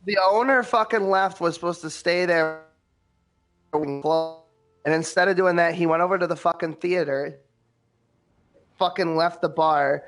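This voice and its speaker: Male co-host, blunt and profane, chatty gamer, voice sits a bit high. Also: unhurried, long pauses, a bit bright, faint music behind. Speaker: podcast co-host. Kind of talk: casual chat while gaming.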